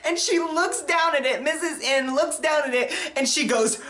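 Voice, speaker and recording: A young man telling a story on his vlog, animated and full of swearing, swinging from hushed to yelling. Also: extremely high pitch, moderate pace, reverberant. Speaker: vlogger.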